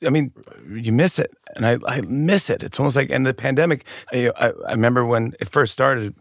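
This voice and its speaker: A man, a comedian guest on a podcast, chatting casually and telling lively stories that break into laughter. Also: mid-range voice, fairly quick, no room sound, clean studio sound. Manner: lively storyteller, bursts of laughter. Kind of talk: casual chat.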